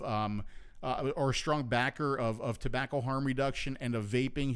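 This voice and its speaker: A man hosting a live online show and interviewing a guest, loose and friendly, with many restarts. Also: medium pitch. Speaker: show host.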